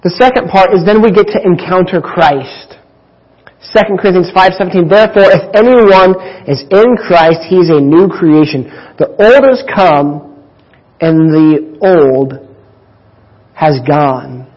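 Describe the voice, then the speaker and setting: Slow, husky-voiced man preaching. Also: high-pitched. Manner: deliberate, emphatic preaching with drawn-out pauses. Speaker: pastor. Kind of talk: sermon. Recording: dull lo-fi recording.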